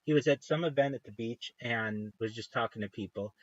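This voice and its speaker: A livestream host chats casually, drifting from one thought to the next and cutting himself off mid-sentence with eager enthusiasm. His middle-pitched voice is brisk, close, and dry with no room sound, though the stream audio is a bit dull and lo-fi.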